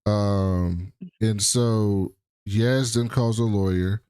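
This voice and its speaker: A man co-hosting a casual podcast, recapping a TV episode in an animated, slangy way. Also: on the low side, very slow, clear, resonant tone. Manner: animated, acts out characters, slangy. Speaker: podcast co-host.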